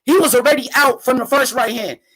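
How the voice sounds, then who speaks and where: A young man with a very high voice hosts a live boxing reaction stream. He talks in loose slang, circling back over the same points as he hypes the fighters. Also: brisk, bright, forceful tone, slightly rough. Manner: casual slangy, repeats himself, hypes fighters. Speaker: boxing commentator, channel host.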